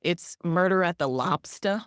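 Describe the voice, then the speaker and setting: A talkative woman co-hosting a casual podcast, her voice sitting on the lower side. She rambles happily from point to point and teases her partner. The sound is dry and close. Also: measured pace, clear, resonant tone, dry recording. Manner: chatty and rambling, with frequent restarts. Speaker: podcast co-host. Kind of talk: casual chat.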